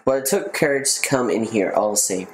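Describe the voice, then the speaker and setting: A man voicing a confident, protective older brother in a game, reading his lines steady and a bit lower than his own voice. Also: brisk, close to an everyday voice. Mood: reassuring. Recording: roomy echo, faint noise.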